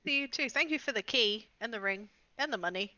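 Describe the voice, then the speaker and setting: Woman doing a cheeky adventurer, bright voice, breezy, dull lo-fi mic. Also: fairly high pitch, animated, brisk, no echo.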